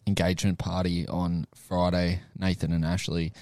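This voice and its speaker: A young Australian man with a lowish voice, chatting loosely and cheerfully as a podcast host. His talk is slangy and upbeat, broken by frequent laughter. The sound is dry and close. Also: level tone, moderate pace, a little mellow, no room sound. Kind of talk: casual pub chat.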